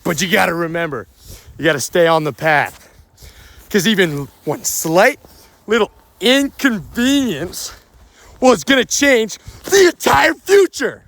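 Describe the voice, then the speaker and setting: A young man in a homemade student skit, playing a bossy adult male safari guide who gives shouty, stern warnings. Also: high-pitched, lively intonation, a little slow, exaggerated voice.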